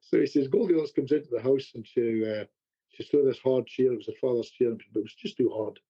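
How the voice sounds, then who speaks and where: A husky-voiced man, middle-pitched, spins an anecdote as a podcast guest. He talks in animated bursts and trips over his own restarts. The audio is dull and lo-fi. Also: fairly quick. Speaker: hypnotherapist guest. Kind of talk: storytelling in a podcast conversation.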